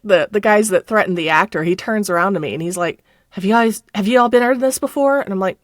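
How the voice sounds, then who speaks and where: Speaking fast in a medium-pitched voice, a middle-aged woman tells a story as a guest on a podcast, laughing often and acting out the people she quotes. The sound is clean studio quality with no echo.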